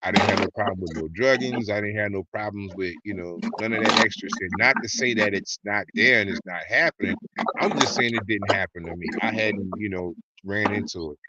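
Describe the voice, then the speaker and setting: A man's voice: on the low side, fairly quick. Muffled profane male storyteller. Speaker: podcast host. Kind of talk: casual chat. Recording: muffled with clear background noise.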